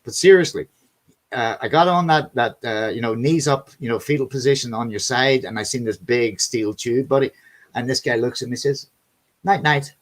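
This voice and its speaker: A man's voice: medium pitch, normal speed. A man hosting a casual video chat, telling rambling stories, swearing freely and calling people buddy and man.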